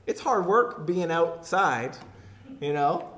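Emphatic higher-voiced male preacher. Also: lively intonation, takes it slowly, fairly bright tone. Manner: emphatic, repeats key phrases. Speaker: pastor. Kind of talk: sermon.

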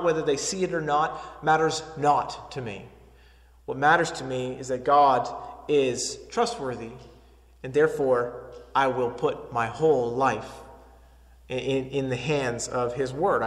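A man preaching a sermon as pastor, earnest and emphatic, often repeating words as he builds his point. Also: fairly high pitch. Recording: echoey hall reverb.

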